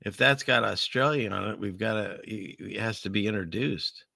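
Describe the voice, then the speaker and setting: A man's voice: fairly low pitch, normal speed, creaky, heavy background noise. A male show host giving casual news commentary, rambling with joking, sarcastic asides.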